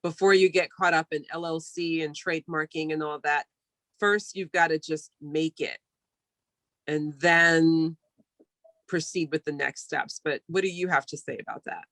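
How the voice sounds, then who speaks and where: A woman hosting an interview, reading out questions in a relaxed way with many hesitations. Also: low-pitched, normal speed, dry recording. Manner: relaxed, hesitant, lots of ums. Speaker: interviewer host. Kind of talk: video call interview.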